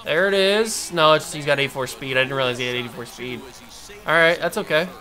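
A gamer keeps up a casual running monologue while playing a baseball video game, speaking fairly quickly in a bright, slightly high voice. He mutters to himself and then bursts out in frustration, with faint music behind him.

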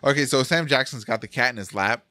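A man hosting a casual podcast chat about a film, animated and rambling, laughing often. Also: medium pitch, quick pace, dry recording, studio quality. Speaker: podcast host. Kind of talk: casual movie review chat.

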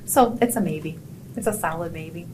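A middle-aged woman with an Upper Midwest American accent, running for a judicial seat, answers an editorial board firmly and plainly, making emphatic denials. Her voice is fairly low and she speaks at a normal speed, recorded in a noisy room.

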